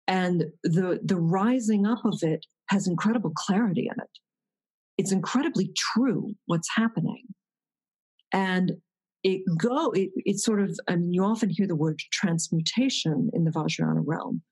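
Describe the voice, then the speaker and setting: A woman with a slightly low, breathy voice talks through ideas on meditation. She is reflective and searching, circling back and restarting her sentences as she thinks. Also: normal speed, darkish tone, poor audio. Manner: thoughtful, searching, many restarts. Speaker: meditation teacher. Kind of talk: reflective conversation.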